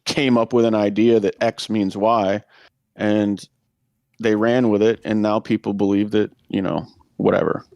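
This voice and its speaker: A man with a fairly low voice works through his thoughts slowly, filling pauses with "uh" and "like." The sound is dry and close, with almost no room around it. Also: level tone, creaky, darkish tone, dry recording. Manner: thoughtful, musing, with many fillers. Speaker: podcast co-host. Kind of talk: casual discussion.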